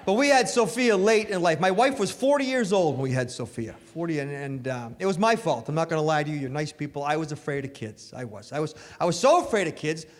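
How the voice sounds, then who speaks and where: A middle-aged man performing a stand-up comedy set with animated, punchy storytelling, recorded live on stage. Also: fairly high pitch, fast, few pauses. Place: comedy stage before an audience. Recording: live hall with reverb, faint noise.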